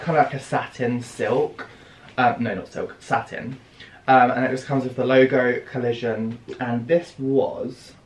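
A man's voice: mid-range voice, a little hiss or hum. Young man, British accent, casual haul chat, big gasps, roomy echo. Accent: British English. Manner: gushing, theatrical gasps and squeals. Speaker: fashion vlogger. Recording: echoey room with faint ambience.

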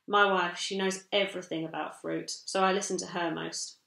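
A woman's voice: on the low side, steady tone, gravelly, echoey room, low-quality recording. A woman voicing a kindly, generous old male shopkeeper who talks in short, broken phrases. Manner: halting, warm broken phrasing.

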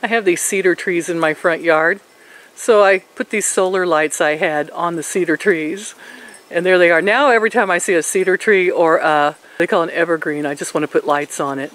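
A woman's voice: lowish voice, moderate pace, poor audio. An older woman chatting casually to her viewers from home in a folksy way, laughing often and talking to her pets. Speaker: vlogger. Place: home, indoors and out in her yard.

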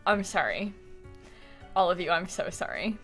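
A woman's voice: on the low side, very animated, normal speed, fairly bright tone, faint music behind. A young woman streamer chatting casually from her room at home, giggling often and apologizing a lot as she rambles. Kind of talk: casual live-stream chat.

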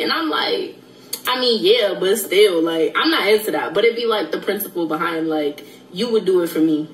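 A woman's voice: medium pitch, moderate pace, echoey room, recorded from a distance, slight background noise, rough recording. A young woman chatting casually on a podcast, laughing and bragging playfully.

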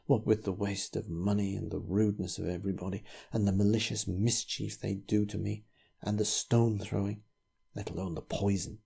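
A man reading the part of a frightened, feverish old male vicar who whispers furtively and breaks into quavering outbursts, with a husky voice. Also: level tone, normal speed, heavily acted. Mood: whispered dread. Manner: hushed whispering turning to shrill outbursts.

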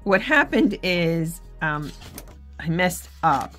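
A woman's voice: lowish voice, very animated, slow pace, fairly bright tone, faint music behind. A woman vlogging about her faith in casual, earnest talk, candid and often correcting herself mid-sentence. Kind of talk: casual devotional vlog talk.

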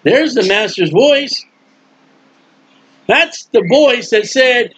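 A male preacher with an unusually high, husky voice delivers a colloquial sermon. He acts out scenes as he goes, shifting into quick character voices before returning to his plain preaching tone. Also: lively intonation, fairly bright tone, dull audio.

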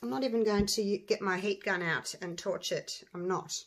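A woman who runs a resin craft channel, chatting to viewers in an excitable, gushing way while she works. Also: medium pitch, normal speed, noisy background. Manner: excitable, gushing, talks to viewers as you guys. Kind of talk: casual chat while crafting.

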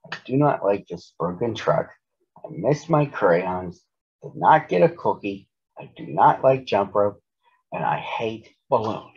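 A man's voice: lowish voice, very animated, measured pace, breathy edge, full character voice. A man voicing a shy, eager-to-please young furry monster in a read-aloud storybook. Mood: tearful. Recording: dull lo-fi recording.

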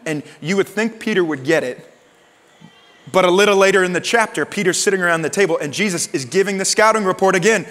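Male pastor, animated storytelling sermon, slightly high voice, long church reverb. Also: quick pace. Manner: animated storytelling, acting out Peter's lines high and Jesus' lines low and soft. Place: church auditorium. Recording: long reverb of a large hall.

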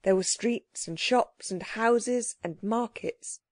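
Mellow woman reading a children's story. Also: fairly high pitch, slow, dry recording, clean studio sound. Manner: clear, gently expressive storytelling. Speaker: audiobook narrator. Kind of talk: children's audiobook narration.

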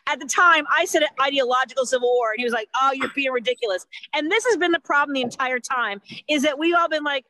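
A woman's voice: high-pitched, bright, forceful tone, a little hiss or hum, rough recording. A woman comedian giving a rambling, exasperated stand-up rant over a video call. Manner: rambling, exasperated, quick to joke.

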